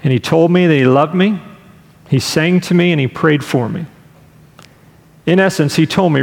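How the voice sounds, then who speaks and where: A man preaching a sermon, telling a story in a relaxed, conversational way with fillers and asides. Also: on the high side, normal speed, gravelly, long pauses, in a large hall. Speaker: pastor.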